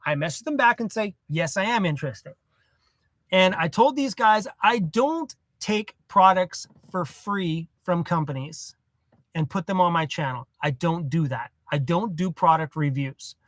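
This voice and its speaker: A man's voice: high voice, measured pace, a bit bright, no room sound, studio quality. A man chatting casually on a phone livestream from inside his parked van, rambling and laid-back. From Canada. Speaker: van life vlogger. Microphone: cell phone.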